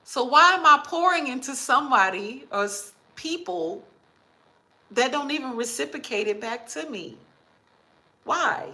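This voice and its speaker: A woman's voice: high voice, lively intonation, unhurried, sharp tone, low-quality recording. A woman in her fifties talking heartfelt and emotional in a casual livestream, reading viewer comments aloud. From Texas. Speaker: vlogger.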